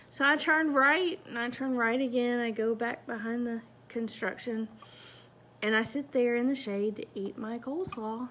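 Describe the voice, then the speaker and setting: A woman's voice: fairly high pitch, normal speed. Chatty woman telling a story. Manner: chatty, animated, self-mocking. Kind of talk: casual personal storytelling.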